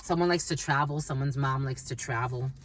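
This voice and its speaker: A woman's voice: rumbling low, fairly quick. A woman giving a channeled tarot reading, blunt and emphatic, swearing freely and repeating phrases. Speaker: tarot reader.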